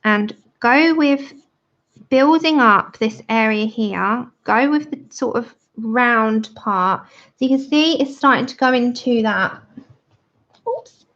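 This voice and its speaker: A woman in her thirties hosts a livestream, colouring along with viewers, chatting casually, giggling and reading out their comments. Her voice is a little high, fairly bright, and she takes her time. The audio is dull and lo-fi, typical of a livestream.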